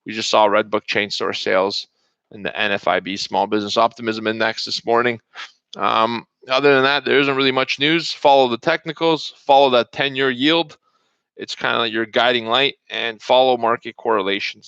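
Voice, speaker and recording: Gravelly, forceful male trading host. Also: mid-range voice, fairly even intonation, moderate pace, no echo. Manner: casual, chatty, greets viewers by name. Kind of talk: live market update stream. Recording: dull lo-fi stream audio.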